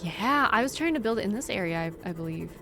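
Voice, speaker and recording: A woman's voice: mid-range voice, expressive, fast talker, pushed and bright, a little hiss or hum. A young woman streaming a game from home, chatting and giggling with her viewers and her dog into a desk microphone. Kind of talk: casual live-stream chat. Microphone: desk microphone on a squeaky stand.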